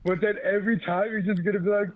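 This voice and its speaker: A man's voice: high-pitched, little pitch movement, quick pace, a crowd in the background. A man calling into a casual chat show, talking in a slangy, laid-back way. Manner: slangy, laid-back, says bro and dude. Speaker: caller. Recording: tinny phone line.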